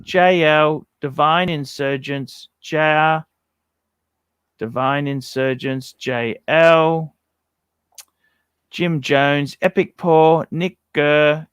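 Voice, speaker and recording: A man hosting a casual livestream, thanking viewers by reading their names out one after another at an unhurried pace. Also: fairly high pitch, steady tone, fairly bright tone, smooth, no echo. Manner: unhurried, reads out viewer names in a long list. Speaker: livestream host.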